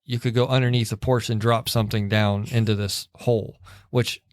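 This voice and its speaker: A man's voice: on the low side, little pitch movement, a little fast, no room sound, studio quality. A middle-aged man on a church podcast tells a long, rambling family story in casual chat, acting out the people he quotes. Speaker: podcast co-host.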